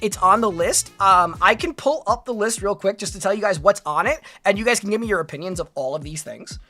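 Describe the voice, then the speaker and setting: A woman's voice: medium pitch, expressive, a little fast, sharp tone, faint music behind. A woman streamer chatting casually with her viewers, rambling with lots of "like" and "right?". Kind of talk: casual live-stream chat reacting with viewers.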